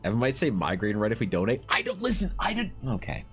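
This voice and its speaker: A man with a Canadian accent chatting on a live art stream, excitable and swearing, mock-exasperated at his chat. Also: mid-range voice, fast, soft background music. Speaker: artist streamer. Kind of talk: casual livestream chat while drawing.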